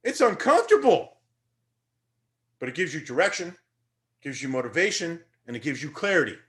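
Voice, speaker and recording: A young man, a teacher, giving a conversational and energetic motivational lecture that rises into emphatic bursts. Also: a little high, moderate pace.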